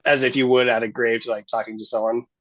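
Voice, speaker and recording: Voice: medium pitch, level tone, quick pace, no room sound. A player in a tabletop game, talking casually and rambling with many fillers. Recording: dull, muffled stream audio.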